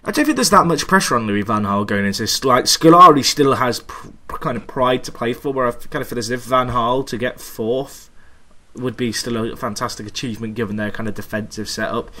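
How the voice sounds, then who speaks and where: Male co-host, bright clear tone, measured analytical football chat. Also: medium pitch. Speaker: podcast co-host.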